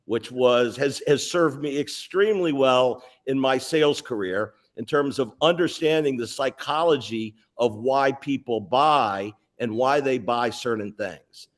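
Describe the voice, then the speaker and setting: Man in his 60s, guest on a sales interview, lively anecdotal storyteller. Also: mid-range voice, measured pace, hardly any pauses. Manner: animated, anecdotal, lists details.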